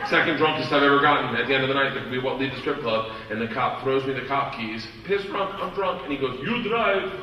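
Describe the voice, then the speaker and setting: A man doing stand-up, telling a story in a profane, animated way on a live festival stage. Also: mid-range voice, fast talker, far from the mic, dull audio, over a noisy crowd. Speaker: stand-up comedian. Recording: echoey hall mic with loud audience.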